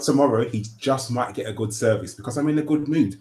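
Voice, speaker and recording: A man's voice: medium pitch, fast, a little mellow, a little hiss or hum. A man with a London accent, a guest on a podcast, chatting cheerfully and emphatically. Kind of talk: casual chat. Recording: roomy echo.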